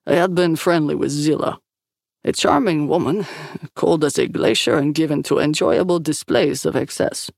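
A woman doing a grave, gravelly man. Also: on the high side, no echo, studio quality. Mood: grim. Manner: grave, slow, resigned. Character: guilt-ridden cursed Russian man, bitter.

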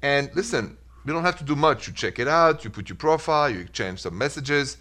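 French-accented male advice host, upbeat call-in patter, average pitch. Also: lively intonation, a little fast, pushed and bright. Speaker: radio advice show host.

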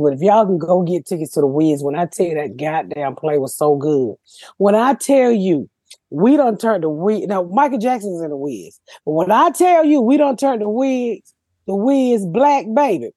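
Casting: loud-mouthed woman host, husky, dry studio sound, brash profane storytelling. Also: lowish voice, no echo. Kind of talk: casual podcast chat.

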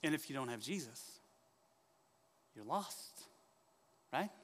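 A man preaching a sermon in church, telling a story with lively questions to the congregation. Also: mid-range voice, slow, in a large hall. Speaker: pastor.

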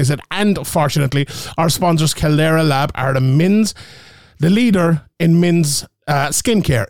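A man's voice: fairly high pitch, a little mellow, no room sound, clean studio sound. Jokey rambling male podcast host. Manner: rambling, jokey, self-correcting. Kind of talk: casual chat and ad reads.

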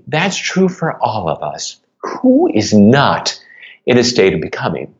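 A man's voice: on the low side, huge pitch swings, a little slow, muffled recording. A man, an author and guest on a podcast interview, speaking earnestly and getting choked up as he tells a personal story. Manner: earnest, emotional storytelling, choking up.

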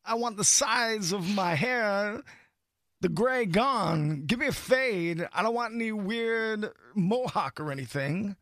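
A man putting on a halting, clipped impression of a famous film actor. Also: high voice, expressive, fairly bright tone, no room sound, voice pushed up, heavily acted. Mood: deadpan.

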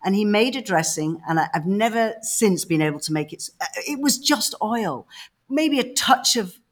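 A woman from the north of England, co-hosting a podcast and telling stories in a lively, emphatic, casual way. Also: mid-range voice, normal speed. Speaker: podcast co-host. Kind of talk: casual chat.

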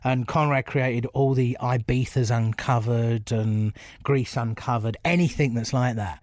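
A middle-aged man from England, telling stories from his stand-up career in an animated, laughing way. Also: mid-range voice, a little slow, no echo, clean studio sound. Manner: animated storyteller, laughs often. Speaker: comedian guest. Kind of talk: casual anecdotal chat.

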